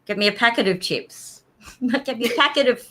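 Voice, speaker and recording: A woman's voice: fairly high pitch, normal speed, fairly bright tone. An Australian woman co-hosting a livestream, chatty and giggly, explaining local slang. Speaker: co-host of a paranormal livestream. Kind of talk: casual livestream chat.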